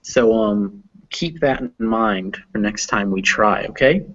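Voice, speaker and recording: A man's voice: fairly low pitch, lively intonation, takes it slowly, fairly bright tone. Man, pronunciation teacher, encouraging, lots of ums, dull lo-fi voice chat sound. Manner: patient, encouraging, filler-heavy explanations. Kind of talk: online pronunciation lesson.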